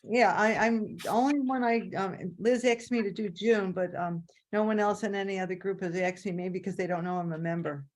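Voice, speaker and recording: A woman in a storytelling group, talking casually and halting often as she restarts sentences. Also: medium pitch, fairly even intonation, a little mellow. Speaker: group member.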